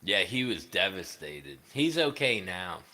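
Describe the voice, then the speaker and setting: A man's voice: sits low, sing-song, unhurried, bright, forceful tone, big-room sound. A man chatting casually on a livestream, rambling and swearing, with many fillers. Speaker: livestreaming guitarist.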